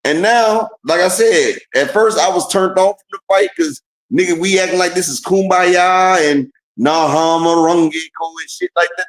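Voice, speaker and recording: Animated, cursing man in an echoey room. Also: sits high, normal speed, few pauses. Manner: animated, profane storytelling with acted-out quotes. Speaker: boxing stream co-host. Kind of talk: casual chat.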